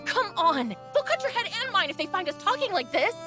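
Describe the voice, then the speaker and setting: A sharp-tongued, worried young woman scolds in a very high, animated voice. Game music plays clearly underneath. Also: a little fast. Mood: scolding. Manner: scolding, urgent.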